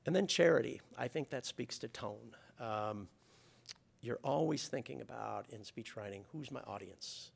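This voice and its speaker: A man's voice: mid-range voice, normal speed, vocal fry, breathy edge. A man giving a conversational public talk, with many fillers and restarts. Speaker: guest speaker. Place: lecture hall.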